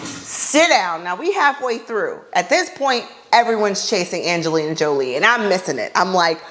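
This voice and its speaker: With a fairly low voice at a moderate pace, a female podcast host recounts a comic dating tale in a relaxed way, and there's a little hiss or hum on the recording. She animatedly voices her own reactions in dialogue, adding blunt, exasperated remarks.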